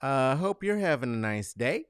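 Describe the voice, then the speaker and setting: A male show host giving casual solo commentary from a corner of his apartment set up as a studio, emphatic and profane, swinging between loud outbursts and low muttering. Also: sing-song, moderate pace, clear, resonant tone, no room sound.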